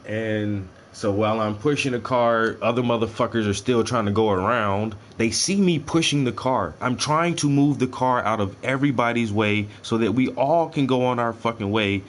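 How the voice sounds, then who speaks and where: A man telling a story in casual, profane slang while he paints, his delivery animated and loose. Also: medium pitch, moderate pace, few pauses, a little hiss or hum. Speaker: painting stream host.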